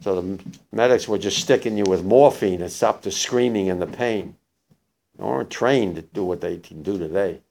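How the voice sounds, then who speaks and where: An older man, a war veteran, gives spoken testimony to young listeners, halting and emotional with many restarts. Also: low voice, vocal fry, a little mellow.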